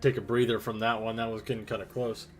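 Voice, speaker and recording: A man's voice: fairly low pitch, level tone, quick pace. A man running a tabletop role-playing game, narrating the action casually and vividly. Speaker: game master.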